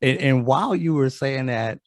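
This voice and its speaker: A man's voice: mid-range voice, moderate pace, no echo, clean studio sound. A man in his fifties who hosts an interview show. He talks in a friendly, effusive way and rambles as he praises his guest. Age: 50s. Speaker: host. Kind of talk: casual interview chat.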